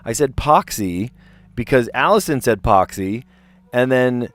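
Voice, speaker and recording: On his puzzle stream, a South Jersey man speaks a bit slowly in a mid-range voice with lively intonation, and there's no room sound. He rambles chattily in a light local accent, often abandoning sentences halfway.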